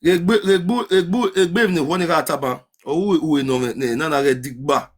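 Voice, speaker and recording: A man with a Nigerian accent chatting on a live stream, chanting sing-song calls and swinging between loud shouts and low mutters. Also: fairly quick, husky. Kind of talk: casual live-stream chat to viewers.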